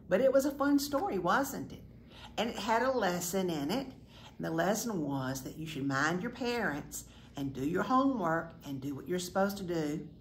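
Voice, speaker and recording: A woman reading a children's picture book aloud as a chatty storyteller, pointing out the pictures as she goes. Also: medium pitch. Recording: echoey room, faint noise.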